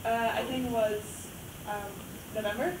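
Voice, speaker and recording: A woman's voice: on the high side, fairly even intonation, normal speed. A woman in the audience answering a quiz question, hesitant and guessing. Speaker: audience member. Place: large echoey convention hall. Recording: echoey hall from far off, loud noise.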